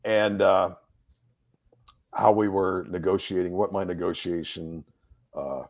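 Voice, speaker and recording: A man's voice: deep voice, takes it slowly. A middle-aged man, a Marine reservist officer, telling a story in a casual interview and acting out the dialogue as he goes. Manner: animated storyteller who acts out quoted dialogue.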